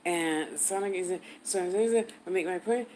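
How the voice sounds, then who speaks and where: A woman's voice: on the low side, moderate pace, a little mellow, a little hiss or hum, rough recording. Blunt, cursing older woman telling a story. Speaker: vlogger. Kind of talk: profane storytelling.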